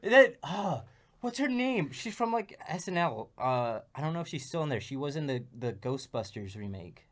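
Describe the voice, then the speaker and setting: A man's voice: fairly high pitch, sing-song, moderate pace. A man co-hosting a livestream in casual chat, rambling and joking with lots of "like". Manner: rambling and jokey, lots of fillers. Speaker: livestream co-host.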